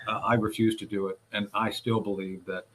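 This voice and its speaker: A man recounting a series of events in recorded testimony, speaking deliberately with frequent hesitations and restarts. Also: fairly low pitch, little pitch movement, fairly bright tone, a little hiss or hum. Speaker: whistleblower advocate recounting events. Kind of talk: recorded testimony played on a radio show.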